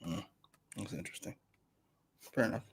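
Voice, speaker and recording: A man's voice: normal speed, slight background noise. A man co-hosting a casual wrestling review chat with blunt, profane, wry banter. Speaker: co-host of wrestling review show.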